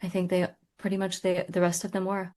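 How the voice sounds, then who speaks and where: Reflective woman guest, lowish voice. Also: monotone, a little fast, darkish tone. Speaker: spiritual teacher guest. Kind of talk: conversational interview answers.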